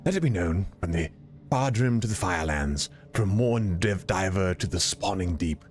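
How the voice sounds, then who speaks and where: A man's voice: deep voice, animated, moderate pace, soft background music. A man putting on a pompous British gnome herald. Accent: British, put on. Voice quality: stiff, formal proclaiming cadence. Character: male gnome herald proclaiming a deed, pompous. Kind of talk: in-game text read aloud in a put-on voice.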